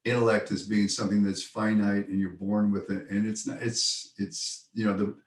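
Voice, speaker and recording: A male interview host with a somewhat low voice, asking thoughtful questions and often restarting his phrases. He sounds set back from the mic, in a roomy space with noticeable echo. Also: flat delivery, moderate pace, far from the mic.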